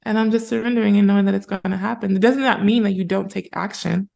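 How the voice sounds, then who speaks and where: A woman speaking as a spiritual mentor and podcast guest, in casual conversation, earnest and animated as she retells moments. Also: mid-range voice, quick pace, creaky.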